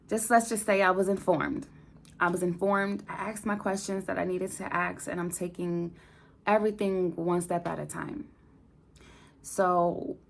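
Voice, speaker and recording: A young adult woman giving a personal vlog update to her viewers. She speaks with feeling, dropping to soft near-whispers and then rising into emphatic bursts. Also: fairly low pitch, gravelly. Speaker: vlogger. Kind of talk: personal update talking to camera.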